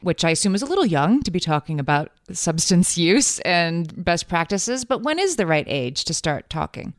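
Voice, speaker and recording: Low, lively woman asking a question. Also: normal speed, no echo, clean studio sound. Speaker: podcast host. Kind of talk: interview question.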